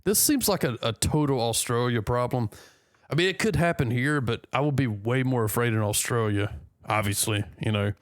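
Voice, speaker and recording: A man's voice: medium pitch, dry recording, studio quality. A man from the United States reading a news story aloud and joking between lines in casual commentary. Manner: reads aloud haltingly, joking asides. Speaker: news reaction host.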